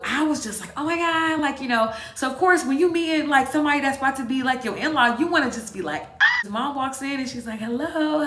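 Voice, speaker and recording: Bright-voiced young woman telling a story. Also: medium pitch. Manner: dramatic, slangy storytelling addressing viewers. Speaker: vlogger. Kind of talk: casual story time. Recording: echoey room.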